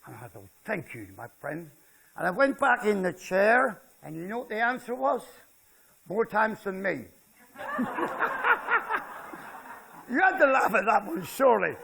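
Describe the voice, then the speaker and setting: This older author's voice sits high and sing-song, gravelly and sharp, at a normal speed, with slight background noise. With his West Country Devon accent, he tells jokey rural stories at a festival talk, chatting with the seated audience and checking in with them.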